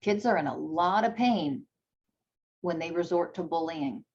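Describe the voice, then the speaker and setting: A woman giving a candid motivational talk, blunt and emphatic, swearing freely and acting out parent dialogue in a high sing-song. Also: lively intonation, unhurried, darkish tone, dull audio. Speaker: self-development speaker.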